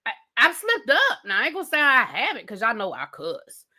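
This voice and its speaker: Sassy, bright-voiced woman ranting about TV. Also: on the high side, brisk. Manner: animated, blunt and sassy, swears freely. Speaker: TV show reviewer. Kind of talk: casual ranting commentary.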